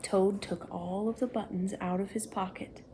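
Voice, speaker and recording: A woman reading a children's picture book aloud, gentle and steady. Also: medium pitch, slight background noise. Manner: slow, gentle storytime reading. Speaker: storyteller. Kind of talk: children's read-aloud story.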